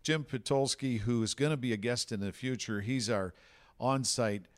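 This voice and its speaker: A man's voice: medium pitch, moderate pace. A man hosting a radio talk show, wrapping up the episode with thanks and plugs in an easygoing way, recorded in a wine cellar. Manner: easygoing, host-like wrap-up. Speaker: radio host. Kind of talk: casual chat with show plugs.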